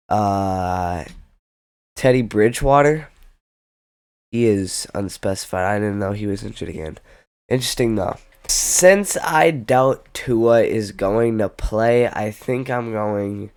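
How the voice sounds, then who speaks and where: Unhurried and drawn out, a young sports predictions vlogger with a lowish, somewhat mellow voice talks through his football picks casually. He rambles, interrupts himself and adds wry jokes, and the audio is dry and close with no room around it.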